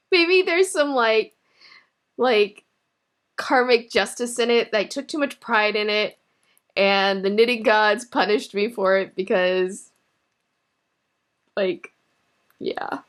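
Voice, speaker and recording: A woman in her thirties chats to her viewers about knitting, her voice sitting in a middle pitch. She tells her stories with animated, emotional energy and laughs a lot as she goes. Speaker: knitting vlogger. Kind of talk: casual storytelling to camera.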